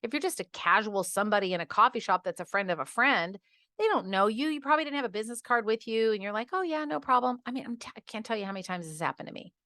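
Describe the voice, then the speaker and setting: A middle-aged woman hosting a podcast, ranting in an animated, exasperated way and acting out patients in quoted asides. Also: fairly high pitch, quick pace, no echo, clean studio sound. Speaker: podcast host. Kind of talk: casual podcast monologue.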